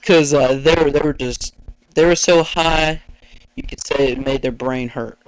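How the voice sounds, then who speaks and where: A man, telling stories on a casual podcast in a rambling, animated way and acting out customers in high voices. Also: unhurried, clean tone, no room sound, rough recording. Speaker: podcast co-host. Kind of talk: casual storytelling chat.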